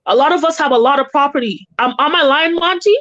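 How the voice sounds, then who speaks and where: A woman's voice: high voice, quick pace, fairly bright tone, dry recording. A woman from the Caribbean, a guest on a chat show, venting in a heated, indignant, emphatic way. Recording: dull lo-fi audio.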